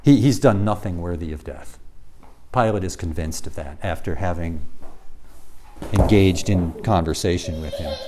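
A man's voice: deep voice, moderate pace, very noisy. A man teaching through a Bible passage in a conversational way, often restarting his sentences. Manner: animated, with restarts and varied loudness.

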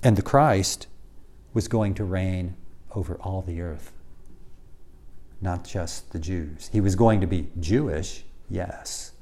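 A man's voice: low voice, slow pace, pauses often. A man teaching through a Bible passage in a conversational way, often restarting his sentences. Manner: animated, with restarts and varied loudness.

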